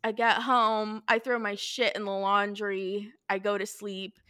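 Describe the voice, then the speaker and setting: A young woman in her twenties telling a story in casual chat, animated and swearing freely. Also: mid-range voice, measured pace, clear, resonant tone.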